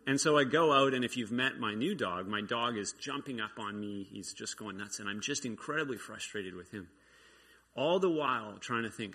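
A man's voice: medium pitch, normal speed, sharp tone, husky. A man giving an informal testimony at a church meeting, telling an everyday story earnestly and often restarting his sentences. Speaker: church member sharing a testimony.

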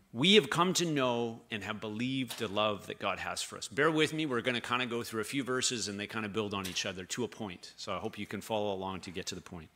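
Male preacher, lowish, bright tone; relaxed conversational sermon with scripture reading. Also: a little hiss or hum.

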